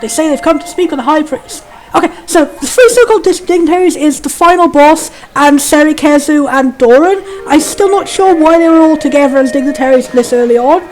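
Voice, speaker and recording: A let's play host chats casually while playing a video game, comparing it with other versions. Her voice sits high and sounds a little mellow, with game music playing behind her.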